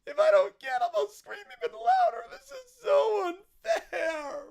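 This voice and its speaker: A spoiled little boy whines and yells through a nonstop tantrum, as a man puts him on. His high voice jumps wildly between shrill shouts and sulky mumbles. He sounds entitled, loud and impossible to calm. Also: moderate pace, exaggerated voice. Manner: whining, yelling tantrum.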